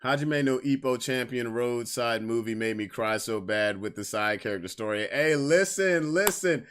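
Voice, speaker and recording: A man's voice: mid-range voice, moderate pace, fairly bright tone, smooth. A young man hosting a casual podcast stream, talking candidly in slang and repeating lines for emphasis. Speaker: podcast host. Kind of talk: casual livestream chat.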